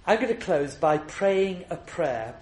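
A man's voice: high-pitched, expressive, a little slow, a little mellow. Male preacher with a roomy echo. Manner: storytelling, rising to emphatic repeated refrains. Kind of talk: sermon.

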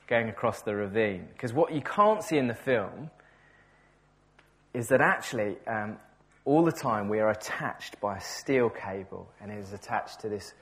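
A man's voice: fairly low pitch, a bit bright. A man preaching a sermon in a conversational way, often repeating words and correcting himself, enthusiastic about the passage.

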